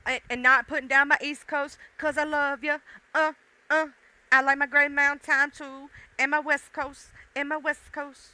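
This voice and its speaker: A woman with a mixed country-and-urban Southern US accent hosts a casual livestream, talking directly to her viewers in a folksy, casually profane way. Her voice is a little high, bright, smooth and forceful, with no room sound.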